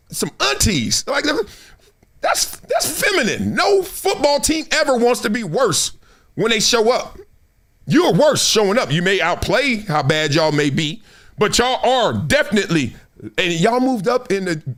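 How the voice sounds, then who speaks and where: A middle-aged man from Compton, Los Angeles hosts a lively sports talk live stream, laughing often and mimicking the voices of people he quotes. His voice is high.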